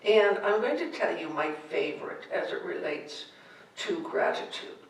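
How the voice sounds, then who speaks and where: Gentle woman preacher, unhurried with a gravelly edge, recorded from afar in a reverberant sanctuary. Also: lowish voice, sing-song. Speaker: spiritual director. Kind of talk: sermon. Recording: echoey hall from far off.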